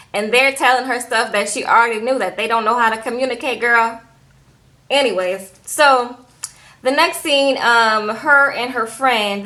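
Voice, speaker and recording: A young woman recapping a reality show in a casual, animated way, tossing in "okay?" and "girl" as she goes. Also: on the high side.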